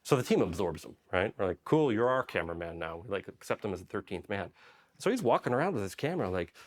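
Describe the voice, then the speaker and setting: A man's voice: on the low side, sing-song, quick pace. A man from Poland, a Special Forces medic, telling stories casually in an interview, rambling with lots of "like" and "right?".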